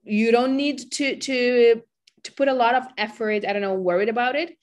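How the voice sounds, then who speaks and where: A woman's voice: a little high, steady tone, moderate pace. A woman lecturer who speaks Arabic natively, teaching business English on a video call and explaining patiently with examples. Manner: encouraging, explains with examples, frequent fillers. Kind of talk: online lecture with student Q&A.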